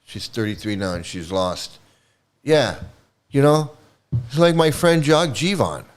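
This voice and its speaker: Male streamer host, profane sarcastic rant, animated pitch. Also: measured pace. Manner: angry, sarcastic, heavy swearing. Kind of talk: profane ranting livestream commentary.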